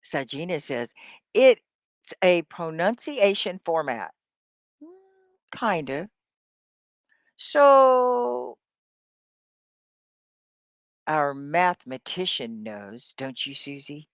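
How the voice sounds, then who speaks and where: Slow, lively-voiced woman ESL teacher. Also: sits low, no echo, clean studio sound. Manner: slow, drawn-out word drills; upbeat, encouraging. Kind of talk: live-stream English lesson.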